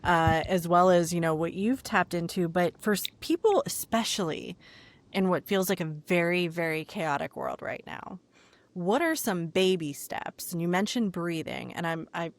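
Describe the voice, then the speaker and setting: A woman's voice: lowish voice, animated, moderate pace. A woman hosting a podcast, asking long, rambling questions with many fillers in a casual chat. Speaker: podcast host.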